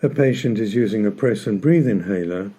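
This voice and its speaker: A man calmly explaining a health topic in a measured, instructional talk, stressing key words. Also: lowish voice, breathy edge. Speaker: health educator. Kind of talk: scripted educational talk.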